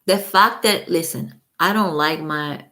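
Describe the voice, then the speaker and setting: A woman's voice: deep voice, measured pace, bright, forceful tone. A woman with children chatting casually on a livestream, giving blunt opinions and swearing freely. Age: adult with children. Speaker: livestream host.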